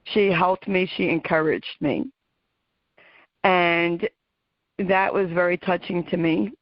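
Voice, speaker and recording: A woman's voice: lowish voice, fairly even intonation, takes it slowly, dry recording. A middle-aged American woman hosting her own radio show, talking to her listeners in a heartfelt, emotional way and laughing often. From United States. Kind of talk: personal talk to listeners. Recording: muffled dry home recording.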